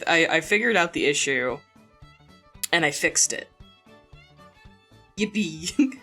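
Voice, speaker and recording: Faint music plays behind a young woman who chats casually on stream from home using a borrowed desk mic. She rambles and laughs a lot, her low-pitched voice carrying a fairly bright tone.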